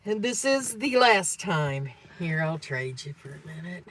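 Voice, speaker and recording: A woman's voice: on the low side, lively intonation, unhurried, background noise. A woman co-hosting a livestream from a truck cab, reading viewer comments aloud between giggles. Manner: giggly, reads names and messages aloud. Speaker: co-host reading viewer chat.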